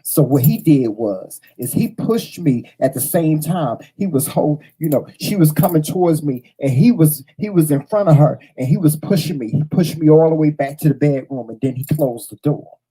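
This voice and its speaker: Male talk host, very dark and husky tone, animated, salty storyteller. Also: on the high side, normal speed, hardly any pauses, low-quality recording. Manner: animated, profane storytelling with repeated lines. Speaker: morning show host.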